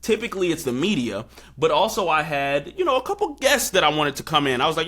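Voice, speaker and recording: A young man chats on a podcast, recounting a wild night with lots of fillers. His voice is bright and clear. When he quotes people he jumps up into loud, excited squeaks. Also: fast, few pauses. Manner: animated storyteller, acts out quotes in high excited bursts. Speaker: podcast host. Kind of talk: casual storytelling chat.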